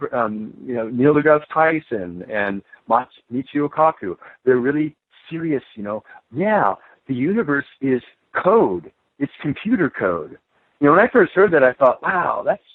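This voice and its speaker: A man in a conversational interview, speaking at a mid pitch and rambling with frequent restarts and repeated words. He comes through a thin, phone-like line with a narrow band. The sound is dry, with no room echo. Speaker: author and interview guest. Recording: tinny phone-line audio.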